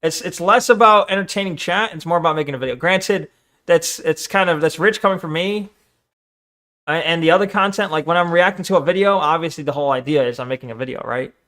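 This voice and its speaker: A man's voice: fairly high pitch, quick pace, a bit bright. A man streaming live and reacting to videos, rambling casually with lots of fillers and restarts.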